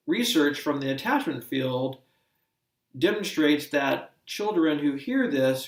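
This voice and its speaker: Man lecturing in a roomy space. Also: mid-range voice. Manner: measured, explanatory. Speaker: instructor. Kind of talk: explanatory lecture. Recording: roomy sound from a distant mic.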